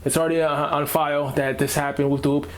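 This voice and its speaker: A man's voice: on the high side, level tone, quick pace. A man hosting a reaction video, ranting casually in slang and repeating himself as he talks.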